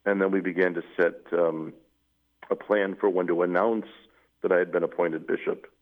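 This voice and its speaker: A man, a newly appointed bishop, recounting his past in an interview in a measured, halting way with many fillers. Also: deep voice, fairly even intonation. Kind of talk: interview conversation, recounting memories. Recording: phone-like narrow band, radio broadcast.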